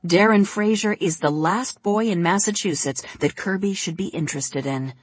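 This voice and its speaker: A woman narrating a novel in a steady, even reading. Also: medium pitch, moderate pace, no room sound. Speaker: audiobook narrator. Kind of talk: scripted narration.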